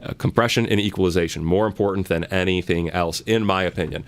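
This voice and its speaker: A man's voice: low-pitched, fast, no room sound. A man teaching a live online music lesson, answering viewer questions in a chatty, rambling way with many fillers. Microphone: close studio mic.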